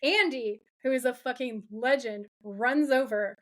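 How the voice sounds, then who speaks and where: A woman with a fairly high voice co-hosts a podcast, walking through a TV episode scene by scene. She tells it dramatically and animatedly, gushing and swearing when excited. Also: a little slow. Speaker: podcast co-host. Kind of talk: casual TV episode recap chat.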